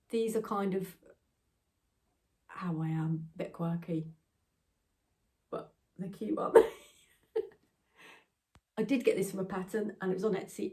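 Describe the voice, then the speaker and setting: A woman's voice: fairly low pitch, mellow, far from the mic. A woman from England hosting her craft channel, chatting in a rambling, self-deprecating way with frequent laughs and getting tearful. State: tearful, emotional. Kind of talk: casual chatty vlog.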